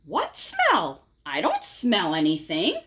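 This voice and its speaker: A woman's voice: fairly low pitch, huge pitch swings, a bit bright, slight background noise, heavily acted. A woman voicing a stubborn, grumpy young male pigeon who drags out excuses in a storybook read-aloud. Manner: whiny, drawn-out excuses.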